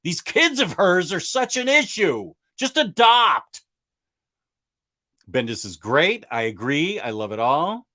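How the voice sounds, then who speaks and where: A man's voice: fairly high pitch, very animated, unhurried, hardly any pauses, bright, forceful tone. A man hosting a comic book channel, chatting casually and enthusiastically, rambling and answering viewer comments. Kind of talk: casual livestream chat.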